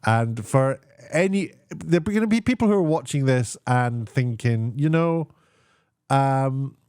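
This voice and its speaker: A man giving a casual spoken TV review, sarcastic and meandering, often pausing to search for words. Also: medium pitch, lively intonation, a little mellow, clear, resonant tone, no room sound, clean studio sound.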